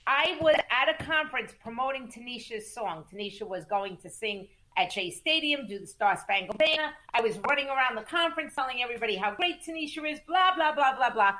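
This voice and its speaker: A woman guest in a casual interview, telling music business stories in an animated, emphatic way, repeating words for stress and cursing casually. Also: fairly high pitch, brisk, hardly any pauses. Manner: acts out quoted voices in lively storytelling. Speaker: music manager and entertainment attorney, guest.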